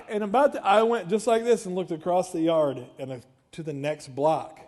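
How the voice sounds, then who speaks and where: A middle-aged man, preaching a sermon as pastor and telling a story with swings from quiet talk to shouting. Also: high voice, normal speed, few pauses. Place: church sanctuary.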